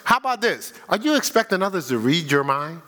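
An older man preaching a sermon as pastor, playful and lively, laughing with his congregation and acting out the voices of the people he quotes. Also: a little high, a little fast, background noise. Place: church sanctuary.

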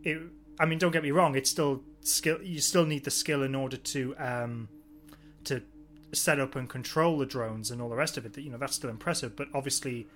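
A man's voice: mid-range voice, a little fast, fairly bright tone, a little hiss or hum. A man co-hosting a podcast in casual chat, throwing in dry, teasing quips. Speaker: podcast co-host. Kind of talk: casual chat recapping a TV episode.

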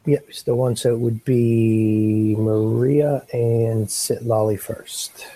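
A man's voice: mid-range voice, steady tone, slow, mellow, poor audio. A man narrating as game master of a tabletop game, rambling with many fillers and restarts.

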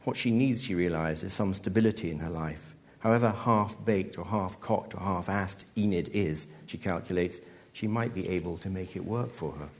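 Low-voiced man reading his story live. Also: moderate pace, darkish tone. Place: live event hall.

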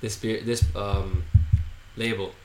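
A man's voice: on the low side, fairly even intonation, takes it slowly. A man in his twenties co-hosting a podcast, chatting casually and rambling with lots of fillers. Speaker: podcast co-host. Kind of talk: casual chat. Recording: echoey room, faint noise.

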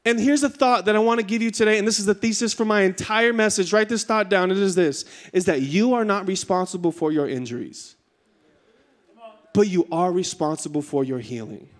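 High-voiced animated man in his thirties preaching. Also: a little fast. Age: 30s. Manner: animated storyteller, rising to high excited pitch in punchlines. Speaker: pastor. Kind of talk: sermon with comic storytelling. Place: church stage.

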